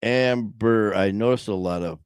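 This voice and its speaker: A man's voice: on the low side, unhurried, clear, resonant tone, dry recording. A middle-aged man hosting a live studio show, chatting loosely with lots of fillers and restarts and telling jokes. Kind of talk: rambling casual chat with joke-telling. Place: small studio. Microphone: studio mic.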